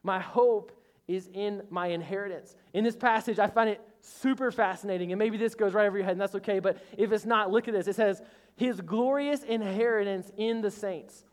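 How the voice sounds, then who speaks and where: A male pastor preaches in a relaxed, conversational way with a fairly high voice. He mixes earnest encouragement with light, joking asides. He draws the congregation in with direct calls to respond. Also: brisk. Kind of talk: casual, conversational sermon.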